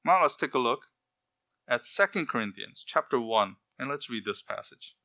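Bright-voiced preacher teaching scripture. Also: male voice, mid-range voice, lively intonation, gravelly. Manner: emphatic, slows down to stress key words; reads scripture aloud and explains it. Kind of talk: expository sermon.

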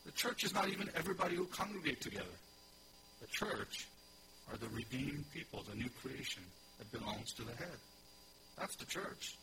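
A man's voice: mid-range voice, animated, a little fast, background noise. A pastor preaching to a congregation, explaining scripture verse by verse, repeating key phrases for emphasis and putting questions to his listeners. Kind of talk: expository sermon teaching.

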